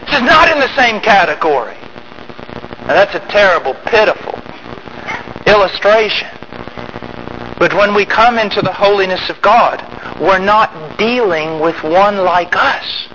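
A man preaching a sermon, emphatic, swinging from loud rising outbursts to quiet low asides. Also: animated, measured pace, pauses often, highs cut off, a little hiss or hum.

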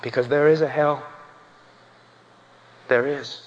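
A man preaching an impassioned sermon, swinging from hushed, solemn passages to ringing, shouted emphasis. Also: medium pitch, fairly even intonation, takes it slowly. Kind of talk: fiery sermon. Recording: dull sound in a reverberant church hall.

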